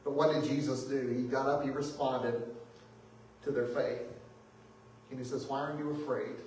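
A pastor preaching a sermon in lively style, shifting between booming exclamations and hushed asides, often chuckling. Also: male voice, normal speed, slight background noise. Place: church sanctuary. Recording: echoey hall, mic at a distance.

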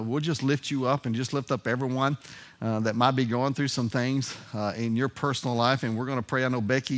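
A man, a pastor leading a casual livestream Bible study and prayer, with folksy, halting talk full of fillers. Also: mid-range voice, a bit bright.

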